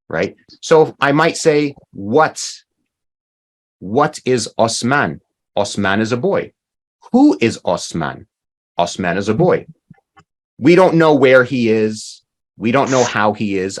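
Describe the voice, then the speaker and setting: A man's voice: mid-range voice, expressive, unhurried. A man teaching a language class over a video call, explaining patiently and checking in with "right?".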